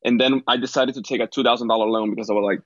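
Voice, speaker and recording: A man's voice: mid-range voice, steady tone, very fast, a bit bright, dry recording. Dominican guy, rambly casual storytelling, kinda muffled dry audio. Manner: rambling, lots of "like" and "uh", laughs easily. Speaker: podcast guest, entrepreneur. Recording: slightly dull, dry lo-fi sound.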